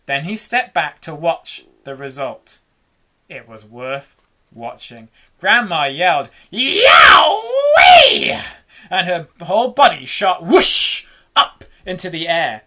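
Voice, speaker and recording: A woman reading a children's book aloud in an animated, dramatic way. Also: low voice, unhurried. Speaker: storyteller.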